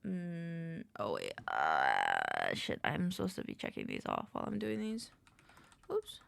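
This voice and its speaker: A woman's voice: low voice, wildly swooping pitch, a little slow, creaky, a bit bright. A woman streamer in casual live-stream chat at a desk microphone, rambling, muttering lists to herself and greeting her chat.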